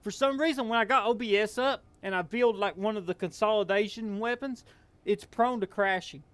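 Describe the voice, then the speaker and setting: Fairly quick and sitting high, with a fairly bright, clear, resonant tone on a dry recording, a young man from Appalachian Kentucky, US, chats casually while streaming a game. His Southern drawl rambles along, heavy with fillers.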